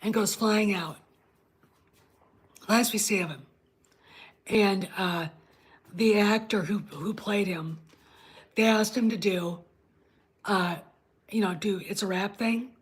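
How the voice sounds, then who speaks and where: Woman, show host, blunt profane rant, unhurried delivery, breathy husky tone, addresses live chat. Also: medium pitch. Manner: talks straight to a live chat audience. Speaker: host of her own online show. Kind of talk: casual livestream rant.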